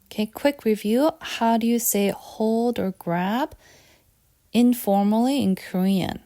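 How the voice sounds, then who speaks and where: Mellow-voiced woman teaching vocabulary. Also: fairly high pitch, slow pace. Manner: patient and repetitive, asks quiz questions. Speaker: Korean language teacher. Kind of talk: lesson.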